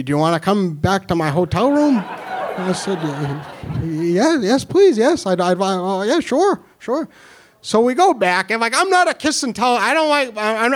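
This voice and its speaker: A young man with a New York accent telling a funny personal story, animated and self-deprecating, with halting restarts. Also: sits high. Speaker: storyteller and comedian. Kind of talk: comedic personal story told to an audience.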